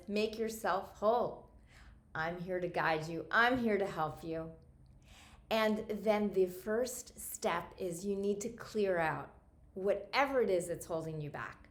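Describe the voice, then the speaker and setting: A woman guiding a self-help talk as a coach, gentle and encouraging, often repeating phrases for emphasis. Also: a little high. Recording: echoey room.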